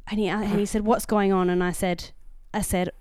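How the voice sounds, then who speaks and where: A woman's voice: mid-range voice, brisk, no room sound, clean studio sound. An Australian woman co-hosting a podcast in casual chat, telling a story with animation and acting out the other people's lines. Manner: animated storyteller who acts out quoted dialogue. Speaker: podcast co-host.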